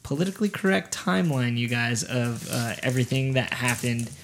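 A man co-hosting a podcast, chatting casually in an excitable way, telling stories and laughing often. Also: mid-range voice, a little fast, creaky, a little hiss or hum. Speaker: podcast co-host. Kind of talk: casual chat.

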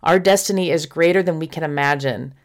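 Female podcast guest, low voice, heartfelt and admiring. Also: a little fast. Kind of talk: gospel discussion podcast.

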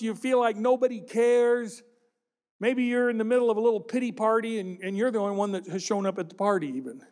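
A man's voice: high-pitched, darkish tone. A man preaching a sermon to his congregation, speaking conversationally and often asking them questions. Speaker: pastor.

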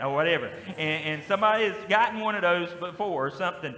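A man with a Southern US accent preaching a sermon as pastor, with lively call-and-response. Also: a little high, fast. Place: church sanctuary. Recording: echoey hall with long reverb.

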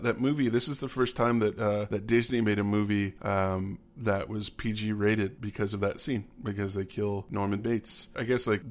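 A man co-hosting a podcast, casually recapping a movie plot with lots of fillers and restarts. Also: lowish voice. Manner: rambling, many restarts and fillers, laughs often. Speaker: podcast co-host.

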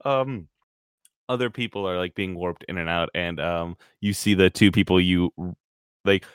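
A man's voice: low voice, moderate pace, clean tone, dry recording, studio quality. A man narrating a tabletop game as game master in a casual, giggly way, swearing often.

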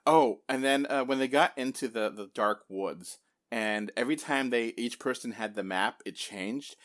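A man hosting a casual spoiler chat about a film, rambling with lots of fillers and lively quoted reactions. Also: medium pitch, moderate pace. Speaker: podcast host.

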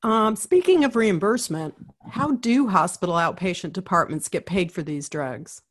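A woman's voice: lowish voice, expressive, normal speed. Friendly woman co-host prompting questions. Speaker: podcast co-host. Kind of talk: scripted podcast banter.

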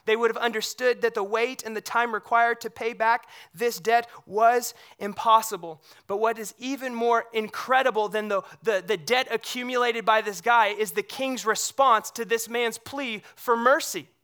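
Pastor, sermon delivery: bright, forceful tone, conversational, animated when retelling scripture. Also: mid-range voice, moderate pace, few pauses, clear, resonant tone. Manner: conversational, checks in with the congregation using rhetorical questions.

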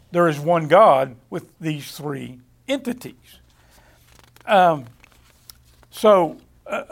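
A preacher leads a Bible study sermon, reading scripture aloud in a halting way, repeating words and often restarting phrases. His voice is high-pitched and gravelly.

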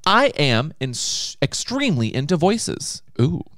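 Man, mid pitch, lively teasing reader, dry close sound. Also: no echo. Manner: animated, teasing, quick asides. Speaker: podcast co-host. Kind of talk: reading listener submissions, casual chat.

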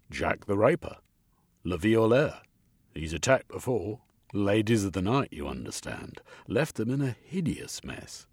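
A man's voice: low voice, slightly rough, dry recording, studio quality, exaggerated voice. A man voicing a deferential male police sergeant who keeps saying "sir" in a formal, obsequious way.

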